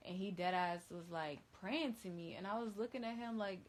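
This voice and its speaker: A woman's voice: mid-range voice, a little fast, few pauses, slight background noise, low-quality recording. A woman DJ telling a story in casual, profane slang on a phone livestream, rambling with lots of fillers.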